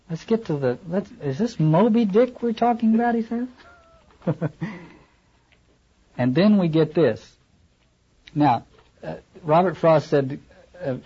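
Husky man giving a literature lecture. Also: on the high side, dark tone, highs cut off. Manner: reads passages aloud with wry asides.

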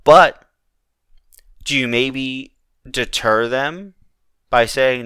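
A man's voice: medium pitch, drawn-out words, long pauses, sharp tone, clean tone, no room sound. A man hosting a wrestling podcast, chatting casually with plenty of restarts. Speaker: podcast host. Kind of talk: casual chat.

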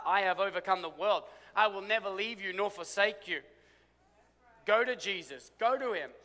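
A man preaching a sermon, swinging from loud, emphatic lines to hushed, low ones. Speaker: pastor. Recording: long hall reverb.

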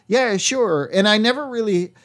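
A man's voice: high-pitched, moderate pace. A man co-hosting a podcast in casual chat, rambling and swearing, with many restarts. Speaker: podcast co-host. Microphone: headphones.

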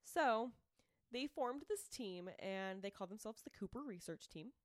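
A woman's voice: medium pitch, normal speed, no room sound, clean studio sound. A woman co-hosting a podcast, telling a true-crime case in casual chat and acting out quoted people. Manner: chatty storyteller, animated quoted voices, frequent "like" and "um". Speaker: podcast co-host presenting the case.

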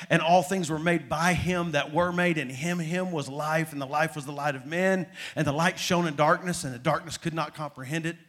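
A man preaching a sermon, moving between hushed passages and loud, dramatic build-ups. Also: a little high, fairly even intonation, normal speed, few pauses. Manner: dramatic, swings from soft to loud.

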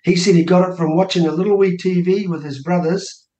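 A man's voice: high voice, a little fast. A New man in his sixties, a guest telling a family story on a radio show, acting out the voices of people he quotes. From New Zealand. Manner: animated storyteller who acts out quoted dialogue. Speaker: guest, election candidate. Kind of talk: casual storytelling interview. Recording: echoey room.

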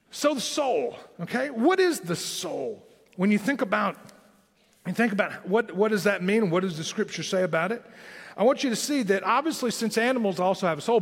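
A high-voiced pastor with a Southern Tennessee accent, preaching in an animated, swooping way. His sermon rings with a long hall reverb. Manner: animated preaching with emphatic rising lines.

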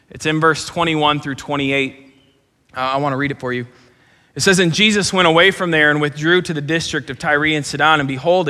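A pastor giving an earnest, animated sermon, often repeating words as he goes. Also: fairly high pitch. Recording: long hall reverb.

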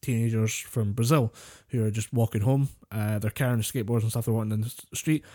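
A man's voice: fairly low pitch, fairly even intonation, fairly quick, dark tone. A man from the UK co-hosting a podcast, chatting casually in a dry, sardonic way and laughing often. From United Kingdom. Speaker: podcast co-host. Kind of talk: casual chat.

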